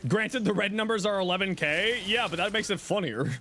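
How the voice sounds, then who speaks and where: A man's voice: sits high, fast talker, sharp tone, a little hiss or hum. A young man streaming a game, chatting casually and joking as he reads chat aloud. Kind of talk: casual live game commentary.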